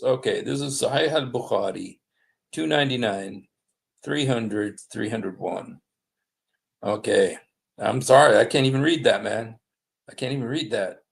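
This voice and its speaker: A man hosting a livestream, reading passages aloud in a halting way, with many fillers and apologies. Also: mid-range voice, gravelly, darkish tone. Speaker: livestream host. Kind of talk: casual livestream commentary reading texts aloud. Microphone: desktop streaming mic.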